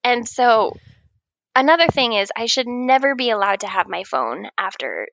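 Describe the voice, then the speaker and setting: A woman in her thirties telling a funny personal story in casual chat, laughing often and acting out her own yelling. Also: fairly high pitch, normal speed, creaky, no room sound, dull audio. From Oregon. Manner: animated, laughing, acts out her own shouting. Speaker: guest writer.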